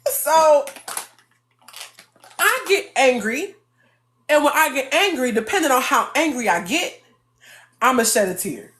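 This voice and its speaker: A woman hosting a live stream with a slightly high voice. She tells stories in a blunt, animated way and swears freely as she talks to her viewers. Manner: blunt, profane, animated storytelling. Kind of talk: casual live-stream chat.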